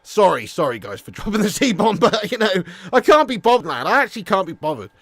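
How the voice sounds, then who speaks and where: Guy hosting a footy watch-along, high voice, sweary and jokey, dry close mic. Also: sing-song, a little fast, no room sound. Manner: rowdy, sweary, joking. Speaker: match watch-along host. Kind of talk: live football watch-along banter.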